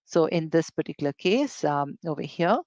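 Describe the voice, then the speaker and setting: An eLearning presenter giving a software demo webinar, talking in a hesitant way with many fillers and restarts. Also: mid-range voice, expressive, normal speed, no echo.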